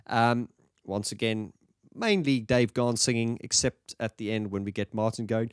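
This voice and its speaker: A man's voice: mid-range voice, animated, moderate pace, clear, resonant tone, dry recording, studio quality. A man reviewing an album in a casual, enthusiastic, rambling monologue.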